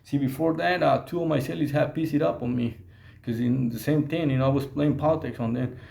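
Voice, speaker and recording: Guy telling his prison story, stops and restarts a lot, throws in spanish slang, gravelly voice, roomy echo. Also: medium pitch, steady tone, mellow. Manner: halting, many restarts and stammered repeats; mixes in Spanish slang words. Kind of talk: casual storytelling to camera.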